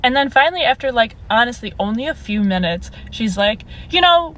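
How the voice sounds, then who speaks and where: A woman's voice: fairly high pitch, lively intonation, brisk, a bit bright. A young woman telling a casual storytime, exasperated and incredulous, laughing as she goes.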